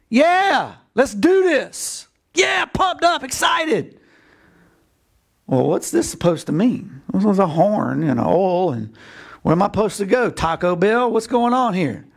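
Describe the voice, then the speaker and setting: A middle-aged male pastor preaching a sermon, animated, bursting into excited shouts as he acts out scripture. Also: high-pitched.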